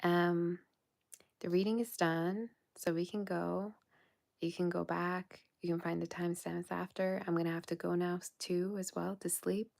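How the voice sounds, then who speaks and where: Casting: tired woman host, low flat gravelly voice, soft-spoken and affectionate, slips into whispers, late-night livestream chat. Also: normal speed. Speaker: tarot reader hosting a livestream. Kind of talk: casual livestream sign-off chat.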